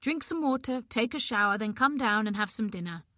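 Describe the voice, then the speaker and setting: A woman narrator voicing a weary young husband who speaks in a flat, cool, firm tone. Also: fairly high pitch, a little fast, dry recording, clean studio sound.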